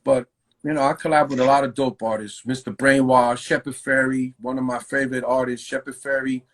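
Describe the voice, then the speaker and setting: Husky New man telling stories. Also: medium pitch, level tone, a little fast, rough recording. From New York. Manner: loose and profane, full of fillers and slang. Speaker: graffiti writer, interview guest. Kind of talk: casual storytelling interview.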